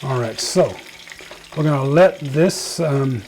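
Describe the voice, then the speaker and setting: A man's voice: mid-range voice, animated, slow, darkish tone, a little hiss or hum. A man hosting a casual home cooking show, chatting to viewers and joking at himself as he cooks in his kitchen.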